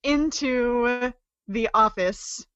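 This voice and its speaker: A woman player in a tabletop game talks her actions through in a rambling, stop-start way, full of "like". Her voice sits a little high and comes through dull and dry, with a lo-fi edge. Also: drawn-out words, fairly bright tone, smooth, no room sound. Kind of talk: casual tabletop play.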